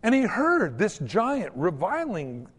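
A man preaching a sermon in an animated, folksy storytelling manner, acting out the quotes. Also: high voice, takes it slowly, husky, big-room sound.

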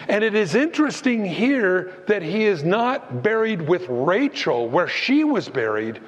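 A man preaching a sermon as pastor, animated, acting out the voices of Bible figures as he goes. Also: sits high. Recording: long hall reverb.

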